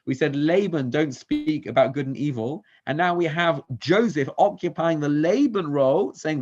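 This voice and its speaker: A man's voice: on the high side, animated, moderate pace, few pauses. A man leading a Torah study class, quizzing the group with questions and mixing Hebrew verses into English. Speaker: Torah teacher. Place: synagogue class. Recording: dull lo-fi recording.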